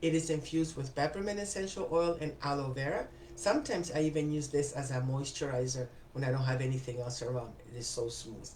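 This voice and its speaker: A woman's voice: low voice, a little mellow, reverberant, slight background noise. A woman hosting a casual live stream, chatty and enthusiastic as she thanks viewers by name and answers their comments. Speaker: live stream host selling essential oils.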